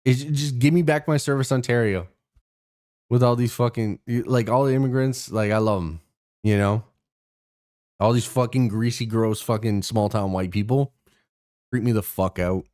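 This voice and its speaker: With a mid-range, slightly mellow voice at normal speed, a young streamer from Canada rambles casually to his viewers. His rant is loaded with swearing, fillers and restarts.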